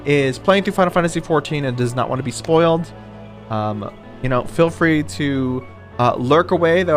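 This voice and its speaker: Chatty man greeting stream viewers. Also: on the high side. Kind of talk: casual live-stream chat.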